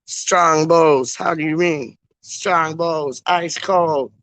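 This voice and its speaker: A man hosts a fan-channel livestream, rambling casually to viewers in a slangy, repetitive, playful way. His voice is on the high side with a fairly bright tone, and he talks extremely slowly. The recording is dry.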